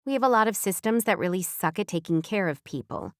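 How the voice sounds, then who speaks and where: A woman voicing a calm, wise female mentor in an audiobook, explaining steadily with a dry, close sound. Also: medium pitch, quick pace, no echo, natural voice. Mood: earnest.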